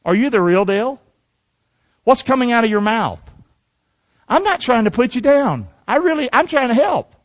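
A middle-aged pastor delivers a sermon in a high-pitched male voice, drawing the congregation in with questions and calls for agreement. The recording sounds muffled and lo-fi. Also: expressive, moderate pace, pauses often. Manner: call-and-response preaching with frequent "amen?".

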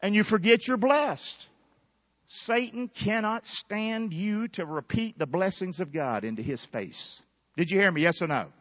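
A pastor preaches with fervor, tossing call-and-response lines to his congregation. His voice sits high and bright and swings widely in pitch. The sound is dry and a little dull. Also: lively intonation, a little slow, no echo. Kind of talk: sermon. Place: church sanctuary.

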